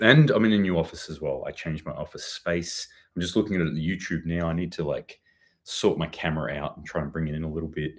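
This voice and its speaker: Deep-voiced man rambling through news. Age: young adult. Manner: rambling, swears casually, self-deprecating asides. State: recovering from a cold, voice a bit worn. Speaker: host of a preparedness news show. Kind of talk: casual news commentary. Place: chilly new home office.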